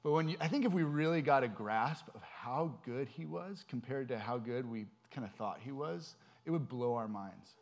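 A man's voice: medium pitch, animated, moderate pace, hardly any pauses. Earnest man preaching casually. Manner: earnest, conversational, many ums and restarts. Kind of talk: informal sermon.

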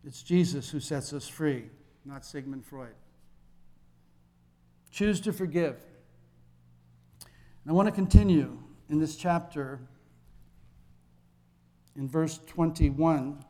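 Male pastor, fairly high voice, conversational sermon with acted dialogue, long church reverb. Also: takes it slowly, long pauses, mellow.

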